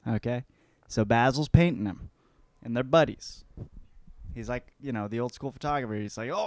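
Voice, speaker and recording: A man rambles through a crude comedic book report, swearing freely as he talks. His voice sits at an ordinary pitch for a man. The sound is dry and close, with no room around it. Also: a little mellow, no echo. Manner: profane, rambling, puts on voices for characters. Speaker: podcast host.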